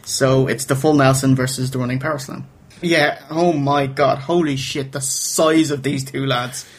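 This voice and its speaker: A man's voice: medium pitch, steady tone, moderate pace. A man co-hosting a casual wrestling review podcast, jokey and chatty, laughing often. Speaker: podcast co-host.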